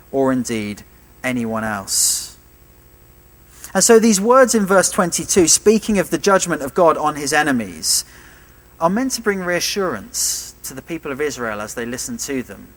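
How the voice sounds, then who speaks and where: A man's voice: mid-range voice, fairly bright tone, rough recording. A man with a British accent preaching a sermon, emphatic and fond of rhetorical tag questions.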